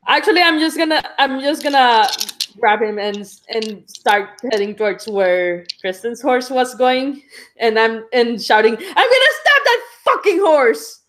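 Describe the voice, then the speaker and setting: A woman playing in a tabletop game, casual and swearing freely. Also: mid-range voice. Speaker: player.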